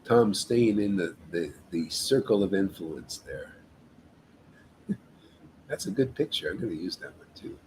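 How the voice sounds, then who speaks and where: A man's voice: low-pitched, animated, unhurried, long pauses, darkish tone, slight background noise, low-quality recording. A man leading a devotional meetup, giving an informal spiritual talk in an emphatic, exhorting way and often addressing listeners as "man".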